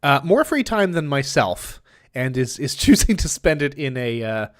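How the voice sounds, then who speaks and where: Chatting with his stream's viewers during gameplay, a man uses wry, mock-formal phrasing and frequently mutters to himself. He speaks in a sing-song, mid-range voice at a moderate pace in this casual stream chat.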